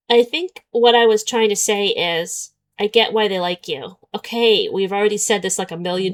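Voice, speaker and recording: A woman's voice: mid-range voice, moderate pace. A young woman streaming a story game, chatting casually and sarcastically, often breaking into laughter.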